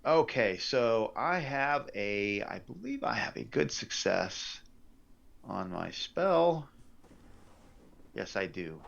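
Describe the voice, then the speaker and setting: Brief: male game master, low gravelly drawl, unhurried, muffled lo-fi stream audio. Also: sing-song, fairly bright tone. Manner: thinks aloud over dice rolls, unhurried. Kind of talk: running a tabletop game. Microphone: headset or desk mic on a live stream.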